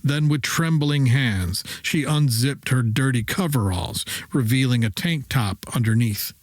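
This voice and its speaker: A man narrating a sci-fi sleep story in a soft, slow, soothing way. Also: medium pitch, dry recording.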